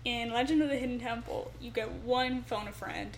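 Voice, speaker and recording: A woman co-hosting a comedy podcast, joking with dry, deadpan banter. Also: on the high side, normal speed, slight background noise. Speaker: podcast co-host. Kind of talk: casual comedic chat.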